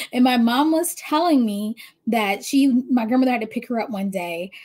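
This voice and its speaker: A woman's voice: fairly high pitch, moderate pace, darkish tone. A woman giving casual motivational business coaching, chatty and talking straight to her listeners. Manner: chatty, addresses listeners directly, frequent "right?".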